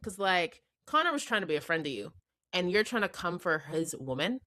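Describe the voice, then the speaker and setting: A young woman co-hosting a casual recap podcast, her pitch rising and falling in a wide, lively way as she acts out quotes in a mocking put-on voice. Her voice sits a little low for a woman, and the sound is close and dry, with no room echo. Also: brisk. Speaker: podcast co-host. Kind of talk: casual reality TV recap chat.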